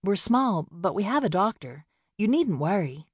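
A woman plays an earnest young farm woman who speaks kindly but stumbles over her words when nervous, sounding flustered and caring. Her mid-range voice is sing-song, a little mellow and husky, set at a moderate pace and pitched above her natural register. The recording is dry and clean, studio quality.

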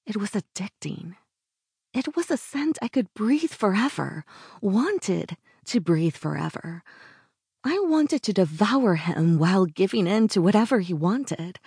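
A woman narrating a first-person romance audiobook in an intimate, breathy way that sometimes drops to a whisper. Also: medium pitch, lively intonation, takes it slowly, darkish tone, dry recording, studio quality.

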